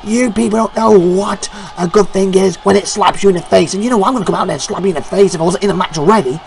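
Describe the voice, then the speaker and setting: A pompous male wrestler bragging and bellowing at the crowd in a gravelly voice, played by a man. He swings high and loud when he gets worked up. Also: fast talker. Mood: boastful.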